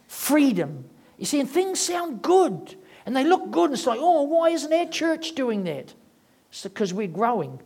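Middle-aged male pastor with a slightly high voice, preaching informally. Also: husky. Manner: conversational preaching, acts out quoted voices. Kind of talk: sermon.

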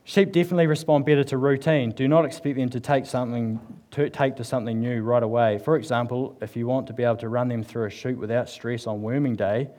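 A New man preaches at a church service in a loose, conversational way, joking with the congregation and sprinkling his talk with fillers. His voice sits at an ordinary middle pitch. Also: mellow. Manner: chatty and joking, with frequent fillers. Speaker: church speaker. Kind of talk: casual humorous sermon.

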